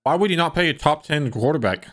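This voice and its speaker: A man's voice: on the high side, lively intonation, quick pace, a little hiss or hum. A man co-hosting a sports podcast, giving blunt, opinionated takes. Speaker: podcast co-host. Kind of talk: casual sports chat.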